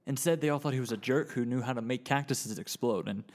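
Deadpan male co-host rambling through an improvised tale, mid pitch. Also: fast. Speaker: co-host, storyteller. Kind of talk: improvised storytelling.

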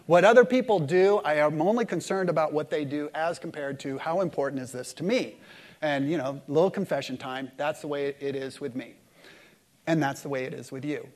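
A man preaching a sermon to a congregation, swinging from loud emphatic lines to hushed, slow ones and leading the room in call-and-response. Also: a little high. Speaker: pastor.

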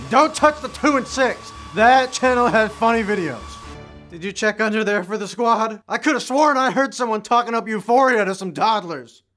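A brash young cartoon reporter, as a man acts him out, with a very high, yelling, bossy voice. He is self-absorbed and barks orders. Music plays clearly behind him. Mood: smug. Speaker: field reporter. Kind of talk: cartoon voice acting.

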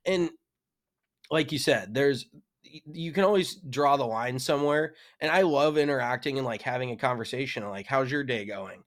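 A man's voice: mid-range voice, normal speed. A young man co-hosting a podcast, ranting casually with frequent swearing. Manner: laid-back, profane ranting. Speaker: podcast co-host. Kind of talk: casual chat.

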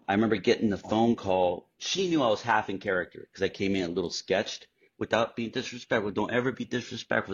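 A middle-aged man with a low, husky voice tells his stories with animated energy and plenty of swearing. The audio is slightly dull and lo-fi, like a home podcast recording. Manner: animated, profane storyteller acting out quotes. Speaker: guest actor. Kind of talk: casual interview storytelling.

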